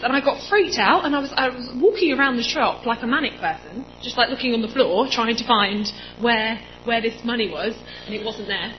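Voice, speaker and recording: A woman in her twenties preaching in a church, telling a personal story in a chatty, animated way with lots of quoted dialogue. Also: fairly high pitch, brisk, few pauses, lo-fi sound, slight background noise. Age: 20s.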